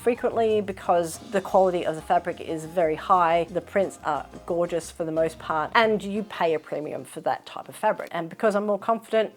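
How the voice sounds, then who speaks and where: A woman with a slightly lower voice talks to camera as a sewing vlogger. She sounds chatty and thoughtful, easing through a casual Q&A with the odd "um" along the way. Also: moderate pace, hardly any pauses, faint music behind.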